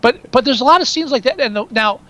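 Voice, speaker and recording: A man co-hosting a casual film discussion, animated and profane, often trailing off and restarting mid-sentence. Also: very high-pitched, fast.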